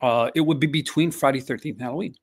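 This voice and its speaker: A man's voice: mid-range voice, fast, breathy edge. A man in his fifties hosting a casual chat, rambling with many fillers and restarts. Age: 50s. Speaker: podcast host.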